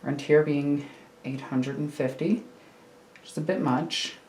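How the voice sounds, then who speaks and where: Chatty woman building models at home, kinda low voice, faint hum behind. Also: steady tone, a little slow, darkish tone, echoey room. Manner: chatty, rambling, self-mocking. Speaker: miniature hobby streamer. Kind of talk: casual build commentary. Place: home hobby room. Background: faint computer hum.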